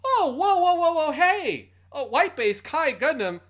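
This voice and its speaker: A man putting on a goofy, oblivious male pilot who reacts far too calmly to being shot. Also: a little slow, exaggerated voice. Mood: goofy alarm. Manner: squeaky, exaggerated, goofy. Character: oblivious cheerful male pilot under attack.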